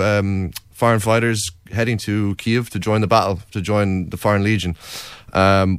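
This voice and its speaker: A man's voice: on the low side, clean tone, dry recording. A young Irish man, a documentary filmmaker, earnestly recounting his experiences in an interview with many fillers. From Ireland, County Wicklow. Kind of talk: interview storytelling.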